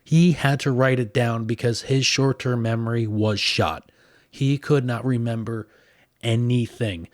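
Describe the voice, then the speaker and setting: A man's voice: medium pitch, unhurried, no room sound, studio quality. A man from northern New Jersey, a podcast host telling a story in a casual, chatty way full of fillers and raised mimicking voices.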